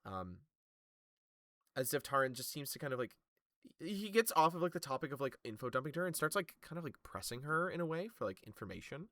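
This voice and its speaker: A man narrating as game master in a tabletop podcast, casual and quick to laugh, swearing freely. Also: medium pitch, very animated, fairly bright tone, no echo.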